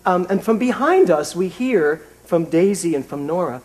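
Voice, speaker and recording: A British man in his late fifties delivers a sermon in a chatty, self-mocking way, often restarting his sentences. His voice sits high for a man. He speaks as a minister to his congregation. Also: expressive, normal speed, darkish tone, slight background noise. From Britain. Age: 50s. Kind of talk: sermon with personal anecdote.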